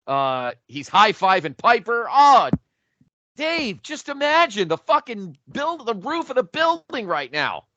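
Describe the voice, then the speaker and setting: A man co-hosting a podcast, telling an imagined match as animated, profane play-by-play in casual chat. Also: sits high, a little slow, no room sound, highs cut off. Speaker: podcast co-host.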